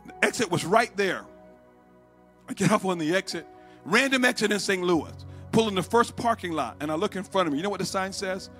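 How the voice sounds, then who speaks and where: High, bright-voiced preacher man. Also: animated, brisk, soft background music. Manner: dramatic swings from shouted exhortation to hushed storytelling. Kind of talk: Pentecostal sermon.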